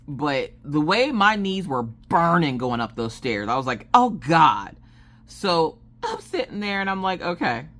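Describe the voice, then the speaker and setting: A woman's voice: sits low, very animated, measured pace, hardly any pauses, a bit bright. Rambling, chatty woman telling a story. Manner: rambling storyteller with many fillers. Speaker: craft vlogger. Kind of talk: casual chat while crafting.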